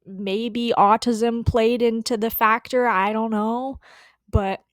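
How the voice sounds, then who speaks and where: A woman's voice: a little high, steady tone, slow pace, no echo, clean studio sound. A young woman telling a story in a casual, rambling way, full of fillers, restarts and swearing. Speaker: storytelling vlogger.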